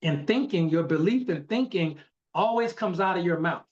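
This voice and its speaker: A man with a fairly high voice coaches his team on a video call, hammering his points home and repeating the key lines. His delivery is emphatic and preachy. The audio is dull and lo-fi. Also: animated, moderate pace, a little mellow. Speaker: network marketing team leader. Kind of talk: motivational training talk.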